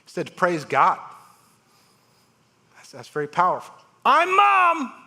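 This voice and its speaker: A man speaks on a live stage, telling surgery stories in a bright, forceful voice that sits a little high for a man. He swings his delivery widely, acting out each patient's words. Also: normal speed. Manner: animated, acts out patients' voices. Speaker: transplant surgeon giving a talk. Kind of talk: storytelling speech on stage. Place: large live event hall.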